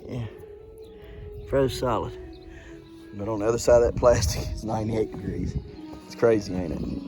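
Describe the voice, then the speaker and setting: A man talks viewers through his homestead in a relaxed, folksy way, calling them "y'all" and "guys". Faint music plays under his voice. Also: fairly low pitch, normal speed. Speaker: homesteading vlogger. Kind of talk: casual walk-through vlog. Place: indoor grow room and outdoor homestead.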